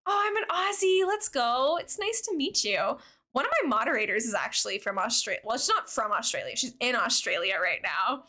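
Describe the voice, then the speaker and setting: A young woman chats with her stream viewers in a bright, bubbly voice that bounces high and low. She reads chat aloud, giggling as she goes. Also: very animated, brisk. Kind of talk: casual livestream chat with viewers.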